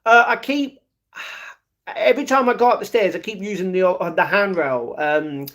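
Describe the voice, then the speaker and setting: A man's voice: high voice, moderate pace, a bit bright. A man chatting casually on a live stream, greeting viewers by name and reading their messages in an upbeat way.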